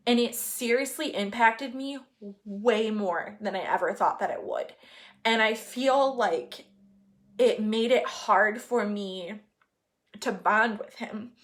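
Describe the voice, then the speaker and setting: A young woman, a vlogger, telling a personal story in a candid, chatty way with many fillers, sometimes getting emotional. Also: a little high. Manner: gets emotional, laughing and crying. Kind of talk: casual chat.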